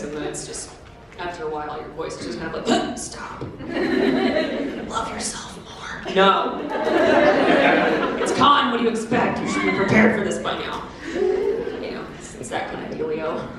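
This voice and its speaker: A young woman answering audience questions at a convention panel, chatty and laughing, with many fillers and restarts. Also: on the low side. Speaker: cosplayer taking audience questions. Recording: echoey hall, distant mic, noisy.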